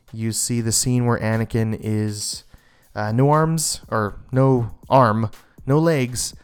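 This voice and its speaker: A man talks through a comic book in a casual, excited review. He rambles and restarts his sentences often. His voice is smooth and clear, pitched in the middle. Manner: enthusiastic, rambling with fillers and restarts.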